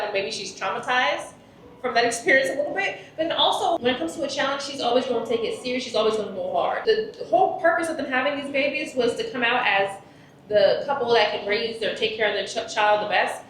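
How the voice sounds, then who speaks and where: A woman's voice: fairly high pitch, slight background noise. A woman co-hosting a recap podcast, chatting casually and laughing as she sums up a reality show. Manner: chatty, laughs often, summarizes plot. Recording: very echoey room.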